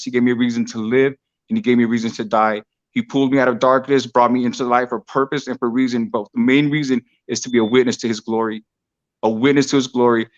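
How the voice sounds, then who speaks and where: A man's voice: mid-range voice, dull audio. A man telling his conversion story as a street preacher, earnest and preacherly, repeating phrases for emphasis. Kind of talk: testimony storytelling.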